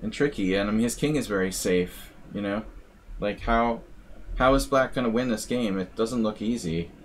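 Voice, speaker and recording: Man, low voice, casual chess stream commentary, relaxed and musing, faint noise behind. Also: normal speed. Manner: relaxed, musing, talks to chat.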